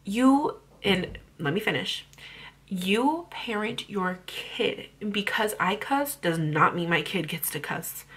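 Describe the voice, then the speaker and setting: A woman's voice: medium pitch, lively intonation, slow pace, fairly bright tone, breathy edge. A young woman ranting bluntly about parenting on her vlog, heated and full of swearing. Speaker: parenting vlogger.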